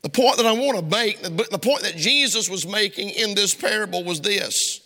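A middle-aged man's voice sits high, pushed and bright, at a moderate pace as he preaches as pastor to his congregation. Passionate and heavy with rhetorical questions, the sermon echoes with long reverb in the church sanctuary.

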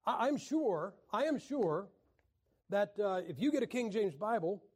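A man teaching a Bible class in a folksy, joking way, often clearing his throat and restarting his sentences. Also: high-pitched, big pitch swings, unhurried, darkish tone. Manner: frequent throat clearing and restarts, jokey asides. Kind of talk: folksy teaching talk with jokes.

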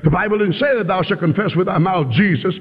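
A man's voice: high-pitched, fast talker, husky. A man preaching a fiery sermon, pleading and crying out as he presses his point. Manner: impassioned, preaching with rising pleading cries. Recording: tinny phone-like old recording in a reverberant hall.

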